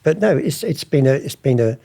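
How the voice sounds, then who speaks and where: A man's voice: medium pitch, fairly quick, creaky. An older man, telling rambling stories as an interview guest. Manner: rambling, animated anecdotes with acted quotes. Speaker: interviewee, art forger. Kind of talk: casual storytelling.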